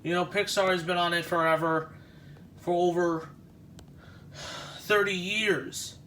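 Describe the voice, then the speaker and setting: A man vlogging as he walks through an exhibition, talking in a halting, nostalgic way with frequent restarts. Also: high voice, steady tone, pushed and bright, a little hiss or hum. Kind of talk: casual walk-through commentary.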